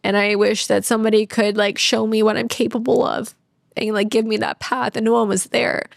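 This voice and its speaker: A woman's voice: on the high side, little pitch movement, fairly quick, vocal fry, no room sound. A woman in her thirties, a podcast guest, talking candidly and earnestly about her life, close to tears, with many "like"s. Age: 30s. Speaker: podcast guest, sales trainer. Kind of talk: candid interview talk.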